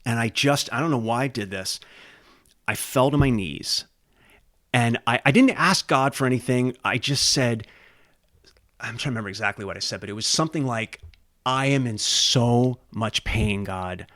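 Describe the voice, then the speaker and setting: A man speaking as a podcast guest in an earnest, halting way, often restarting his sentences. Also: mid-range voice, a bit bright. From United States. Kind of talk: casual interview. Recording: podcast interview.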